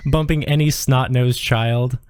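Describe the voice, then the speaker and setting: A man's voice: medium pitch, steady tone, unhurried, a little mellow, clean tone. A man narrating as game master in a loose, joking way with lots of fillers.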